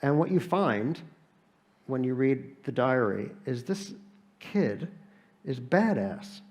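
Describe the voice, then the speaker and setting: A man's voice: medium pitch, expressive, slow, darkish tone. An American man, an author speaking at a live event, telling wry comic stories and often restarting his sentences. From United States. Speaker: author guest. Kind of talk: live on-stage conversation.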